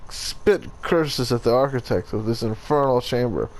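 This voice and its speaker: A man's voice: mid-range voice, normal speed, natural voice. A man voicing a grim Italian swordsman in a clumsy mock Italian accent that slides toward Russian, reading in a melodramatic, over-the-top way. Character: grim Italian swordsman recounting a trap-filled tomb.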